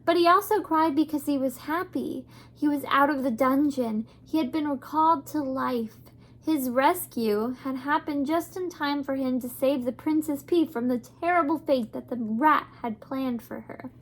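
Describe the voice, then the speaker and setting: A woman reading a children's novel aloud in a gentle, measured storytelling voice. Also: sits high. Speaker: reader.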